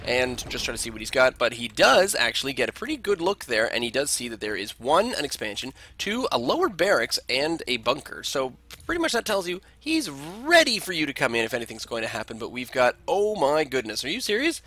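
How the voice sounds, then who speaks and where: A man's voice: medium pitch, sing-song, fairly quick, hardly any pauses, bright, forceful tone, no echo. A man with a cold and congested sinuses, giving casual game replay commentary, rambling with joking asides.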